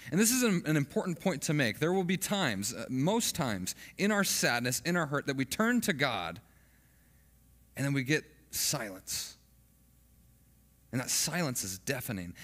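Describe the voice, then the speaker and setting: A man's voice: on the high side, a bit bright, long reverb tail. A man giving an earnest, conversational sermon as a pastor, often restarting his phrases.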